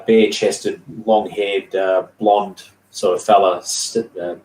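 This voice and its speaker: A man narrating as game master of a tabletop game, halting and filling pauses with ums and uhs. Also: low voice, a little mellow, far from the mic. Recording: echoey room.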